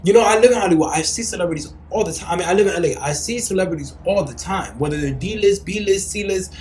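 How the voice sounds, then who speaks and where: Brash, profane young man, high voice. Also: fast, echoey room, slight background noise, low-quality recording. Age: young adult. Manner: brash, profane and animated, with mocking shrieks. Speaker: podcast host. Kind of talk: casual chat. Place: lives in Los Angeles.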